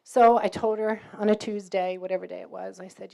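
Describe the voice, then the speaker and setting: A middle-aged woman from New York, with a faded New York accent, telling a personal faith story to students in a lively way, acting out dialogue and laughing often. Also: mid-range voice, a little fast, creaky. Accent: New York, mostly faded. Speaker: campus speaker.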